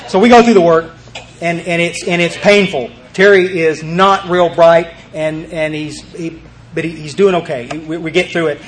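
Man, high voice, recovery-meeting speaker, emphatic and rambling, lots of restarts. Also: fairly even intonation, normal speed, a faint crowd, slight background noise. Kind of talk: storytelling talk to a group.

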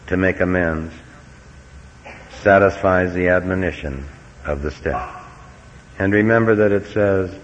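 A middle-aged man giving a folksy, earnest personal talk as a recovery meeting speaker, with wry humor. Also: sits low. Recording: dull lo-fi recording with faint hiss.

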